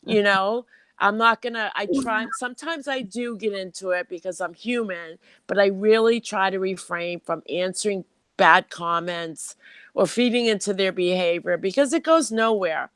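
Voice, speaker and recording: A woman's voice: mid-range voice, moderate pace, clean tone, dry recording. A woman guest chatting on a livestream, easygoing and supportive, with plenty of ums. Her voice sounds dry and close, with no room around it. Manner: warm, supportive, laid-back, many fillers. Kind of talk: casual livestream chat.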